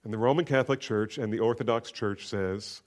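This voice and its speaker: A man preaching a sermon in an emphatic way, slowing down and lifting his voice sharply when he quotes scripture. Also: lowish voice.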